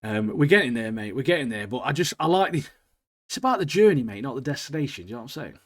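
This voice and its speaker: A man's voice: mid-range voice, big pitch swings, quick pace. A young man co-hosting a podcast, chatting casually with slang and enthusiasm. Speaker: podcast co-host. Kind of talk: casual chat.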